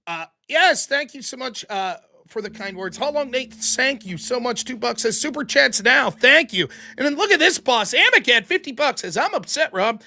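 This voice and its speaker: High, bright-voiced male call-in host. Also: creaky. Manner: fast, animated, talks over callers. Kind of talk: livestream call-in chat.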